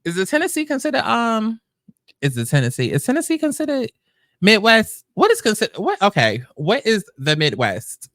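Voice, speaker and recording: A chatty woman hosting a reaction commentary, rambling from one thought to the next. Her pitch swings widely as she talks. The sound is dry and close on the mic. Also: wildly swooping pitch, normal speed, a bit bright, dry recording. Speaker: host. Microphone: close podcast mic.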